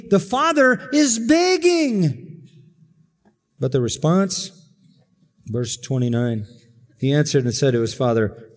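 Male pastor preaching, emphatic and dramatic, slightly high voice, long hall reverb. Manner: emphatic preacher, dramatic swings between loud and hushed. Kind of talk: sermon.

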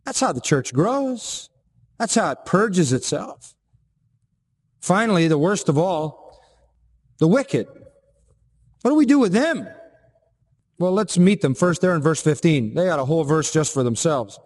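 A man's voice: animated, a little slow, long pauses, darkish tone. Man preaching in a reverberant hall. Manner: emphatic preaching with repeated phrases and sudden pitch rises. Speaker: pastor. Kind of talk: sermon.

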